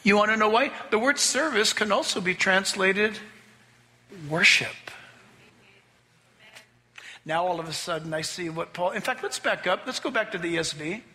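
Male pastor, emphatic sermon voice, very bright tone, reverberant church hall. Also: high-pitched, lively intonation, fairly quick. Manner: emphatic, exhorting, with humorous asides.

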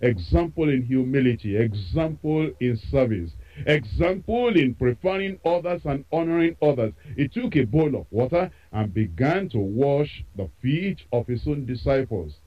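A man preaching a sermon, with emphatic repetition and expressive delivery. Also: a little high, highs cut off.

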